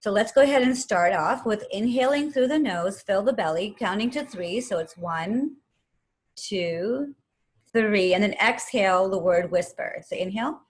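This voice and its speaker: A woman teaching yoga and meditation, calmly guiding a breathing exercise step by step and counting the breaths aloud. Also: mid-range voice, normal speed, breathy edge. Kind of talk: guided breathing instruction.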